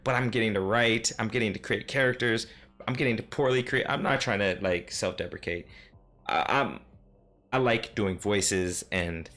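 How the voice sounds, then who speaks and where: A man's voice: on the low side, a bit bright. A man who is a dungeon master, rambling casually about his last game session, full of fillers and self-deprecating asides. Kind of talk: casual solo recap talk. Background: faint synth music.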